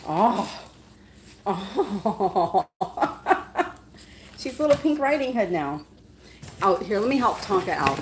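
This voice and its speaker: A woman's voice: mid-range voice, slight background noise, rough recording. A woman hosting a casual live stream, gushing and cooing in a sing-song way at her dogs as she opens gifts. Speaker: pet channel host.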